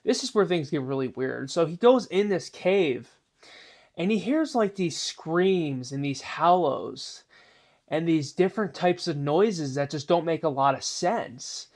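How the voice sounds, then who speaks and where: A man's voice: a little high, lively intonation, unhurried, a little mellow. A man telling a spooky story in a casual, rambling way, full of filler phrases. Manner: rambling, many "you know" fillers.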